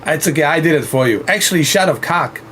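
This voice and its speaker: A man's voice: on the high side, lively intonation, quick pace, a bit bright, a little hiss or hum. A man giving casual, joking commentary while playing a flight game, exclaiming to himself. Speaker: gaming streamer.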